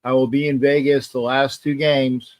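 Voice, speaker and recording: A man's voice: medium pitch, flat delivery, moderate pace, darkish tone, dry recording. A man hosting a live sports talk stream, chatting casually and reading viewer comments, rambling and often repeating himself. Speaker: sports talk livestream host.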